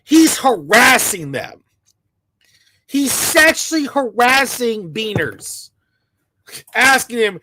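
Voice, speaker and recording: A man co-hosting a reaction commentary, loud and mocking, often shouting and mimicking others. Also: extremely high pitch, big pitch swings, takes it slowly, long pauses, no room sound. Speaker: commentary show co-host.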